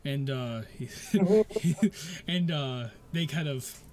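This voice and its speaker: A man's voice: on the high side, lively intonation, extremely slow, darkish tone. A man narrating as game master of a tabletop game, rambling with many fillers and restarts.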